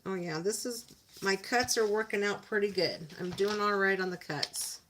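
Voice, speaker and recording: A woman's voice: medium pitch, moderate pace, background noise. A woman hosting a casual livestream, chatting with viewers as she narrates her crafting at home. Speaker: livestream host.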